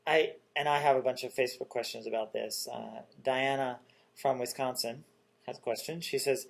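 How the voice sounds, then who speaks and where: A man hosting an interview, relaxed and chatty, with joking asides. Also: medium pitch, moderate pace, vocal fry. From North Carolina. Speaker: interview host.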